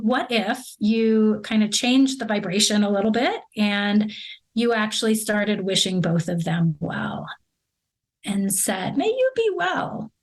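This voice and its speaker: A woman who teaches mindfulness, speaking as a guest in a conversational interview in a calm, reflective, earnest way. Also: medium pitch, rough recording.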